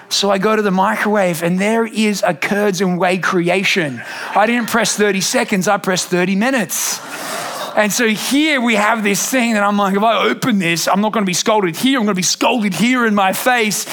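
A man, a pastor telling a lively family story in a sermon and acting out the voices. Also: sits high. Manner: animated, acts out family voices.

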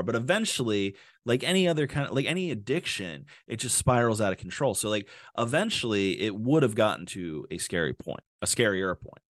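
A man's voice: medium pitch, sing-song, brisk, dry recording, clean studio sound. A man hosting a comedic true-crime podcast, rambling and joking with lots of filler and swearing. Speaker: podcast host.

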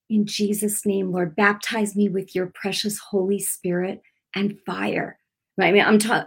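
A woman giving an informal, earnest sermon without notes. She talks conversationally and often restarts her sentences. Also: mid-range voice. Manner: unscripted, speaking without notes. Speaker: preacher.

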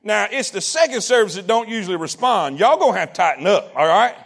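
A man preaching a sermon in a church, animated, repeating lines, shouting at times and asking the congregation questions. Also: sits high, fast, gravelly. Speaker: pastor. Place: church sanctuary.

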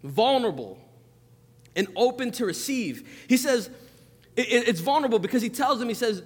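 A young man delivers a sermon in a relaxed, conversational way, often restarting his sentences and adding asides. His voice sits high for a man. The sound has the long reverb of a church hall. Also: normal speed, husky. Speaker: pastor. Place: church sanctuary.

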